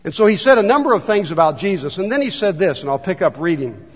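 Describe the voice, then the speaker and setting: A man, a pastor, delivering a sermon and telling a story, slowing down when he reads passages aloud. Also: high voice, very animated, breathy edge. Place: church sanctuary. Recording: long hall reverb, dull lo-fi sound.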